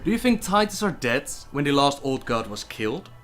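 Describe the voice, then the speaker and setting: A man's voice: mid-range voice, very animated, fairly quick, fairly bright tone, a little hiss or hum. Chatty man answering viewer questions. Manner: reads viewer questions aloud then answers them chattily. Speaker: gaming lore livestreamer. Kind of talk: casual livestream Q&A.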